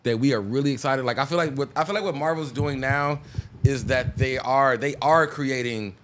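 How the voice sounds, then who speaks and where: A man's voice: mid-range voice, moderate pace, a bit bright, a little hiss or hum. A man co-hosting a podcast in casual chat, rambling and often checking in with "you know what I'm saying". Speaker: podcast co-host.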